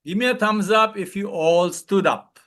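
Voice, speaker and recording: A man coaching a live webinar, loud and playful, calling out repeated commands and leading laughter exercises over a video call. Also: sits high, normal speed. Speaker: wellness coach, webinar speaker.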